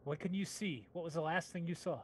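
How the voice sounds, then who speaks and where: A man's voice: fairly high pitch, brisk. A man playing a tabletop game, earnest and asking many questions. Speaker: player. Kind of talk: casual tabletop game chat.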